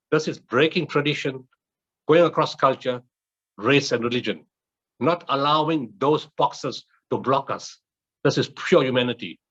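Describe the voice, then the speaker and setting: Keynote speaker, male, from South Africa, mid-pitched, acts out quotes in lively voices, muffled recording. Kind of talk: keynote storytelling speech. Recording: dull muffled lecture recording.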